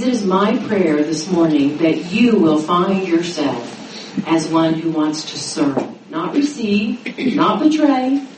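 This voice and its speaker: A middle-aged woman teaching a sermon to a women's gathering, acting out the quoted voices with lively pitch. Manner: animated, dramatizing quotes with rising pitch. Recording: roomy echo, mic at a distance, faint noise.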